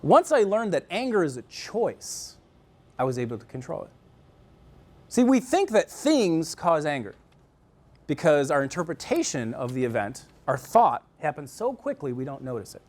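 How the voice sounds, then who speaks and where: A male counselor giving a live marriage seminar, talking in an animated, conversational way and often acting out what people say. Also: on the high side, normal speed. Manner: animated, conversational, playfully acts out quotes.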